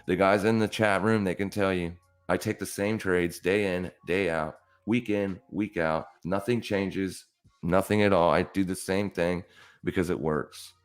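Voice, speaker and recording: Male host, deep voice, casual live-stream trading talk, blunt coaching manner. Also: fairly even intonation, measured pace, clean tone, soft background music.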